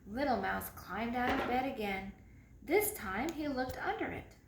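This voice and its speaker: A woman reads a children's picture book aloud at a slow, deliberate pace. Her high voice swings widely in pitch to build suspense, with an echoey room and faint noise in the background. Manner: expressive, slow, dramatic read-aloud. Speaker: storyteller. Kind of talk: children's storybook reading.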